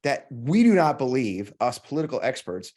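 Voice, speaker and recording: An American man hosts his own show and delivers a heated, profane monologue. His pitch swings widely as he drives his points home, stacking short repeated lines like a rally speech. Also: sing-song, normal speed, darkish tone. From United States. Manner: heated, swears often, repeats himself for emphasis; emphatic, preacherly build-ups. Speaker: podcast host. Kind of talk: impassioned political monologue.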